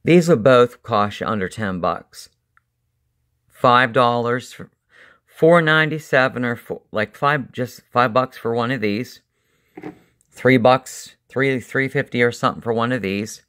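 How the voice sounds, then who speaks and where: A man rambling casually through a show-and-tell video, with a slight lisp and slightly slurred speech, often halting and restarting. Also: medium pitch, fairly bright tone, clear, resonant tone. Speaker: vlogger.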